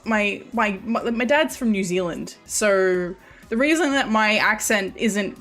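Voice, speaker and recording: A woman's voice: medium pitch, animated, unhurried, fairly bright tone, soft background music. A woman streamer with a light Australian accent, chatting casually to her viewers in a rambling way, often restarting and correcting herself.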